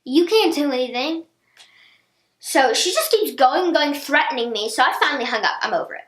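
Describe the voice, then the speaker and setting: A teenage girl telling a storytime vlog in casual chat, animated, acting out what others said. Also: sits high, fast talker. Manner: chatty, animated, acts out quotes of others. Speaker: vlogger. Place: indoor room, seated on a chair. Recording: echoey room.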